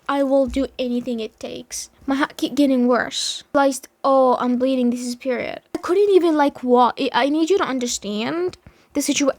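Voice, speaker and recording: A woman's voice: high-pitched, no room sound. A young woman telling a story in a casual vlog, dramatic and emphatic, swearing heavily. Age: young adult.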